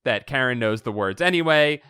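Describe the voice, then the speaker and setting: A man co-hosting a podcast, recapping a story in casual chat, animated and laughing often. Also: medium pitch, brisk, clear, resonant tone, no echo, studio quality. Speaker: podcast co-host.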